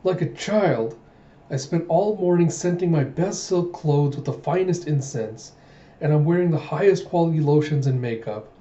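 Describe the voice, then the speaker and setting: A man's voice: a little high, normal speed, warm tone, recorded from a distance, lightly acted. A man voicing a spoiled, pouty teenage princess girl who speaks in a whiny, indignant way. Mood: pouting. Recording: echoey room, muffled lo-fi mic.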